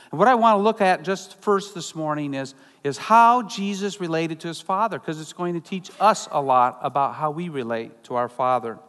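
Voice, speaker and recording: A man preaching a sermon as pastor, earnest, slowing down when he quotes scripture. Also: a little high, a bit bright, in a large hall.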